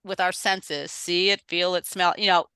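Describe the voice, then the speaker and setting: A woman's voice: on the low side, steady tone, normal speed, bright, forceful tone, clean tone, dry recording. A woman guest, a dream teacher, explaining her views in a flowing, reflective way. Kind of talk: conversational explanation.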